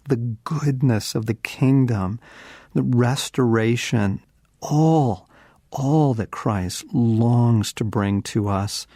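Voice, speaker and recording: A middle-aged man giving an earnest, reflective devotional teaching, slowing and softening on key phrases. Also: fairly low pitch, dry recording, studio quality. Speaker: Christian author and teacher.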